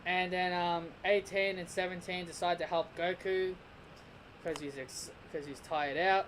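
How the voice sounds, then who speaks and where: A man's voice: sits high, a little slow, a little hiss or hum, rough recording. Rambling young-sounding male reviewer. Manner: rambling, with many restarts and repeated "and". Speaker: episode reviewer. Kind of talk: casual spoken review.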